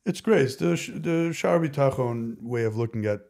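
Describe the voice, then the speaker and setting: A man speaking as a podcast guest, telling candid personal stories in an animated, rambling way, often restarting his sentences. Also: mid-range voice, moderate pace, gravelly. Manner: animated, rambling, self-interrupting. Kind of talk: candid conversational storytelling.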